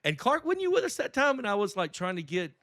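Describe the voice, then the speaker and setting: Animated Southern man telling a story. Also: sits high, quick pace, dry recording, studio quality. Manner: animated storytelling, laughs often. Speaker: podcast co-host. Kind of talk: casual panel chat.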